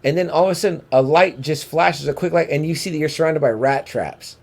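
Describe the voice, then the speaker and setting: Excitable, swearing podcast co-host man. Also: a little high, a little fast, vocal fry. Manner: excitable, swears, keeps asking his co-host for agreement. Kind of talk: casual comic book review chat.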